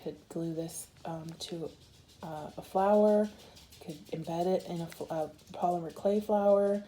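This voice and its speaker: A woman from Arizona chats through an unboxing in an easy, gushing way, often breaking into giggles. Her voice sits a little low and sounds mellow and warm, with a faint hiss behind her. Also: fairly even intonation, unhurried. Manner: gushing, giggly, talks to viewers. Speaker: bead crafting vlogger. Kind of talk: casual unboxing chat.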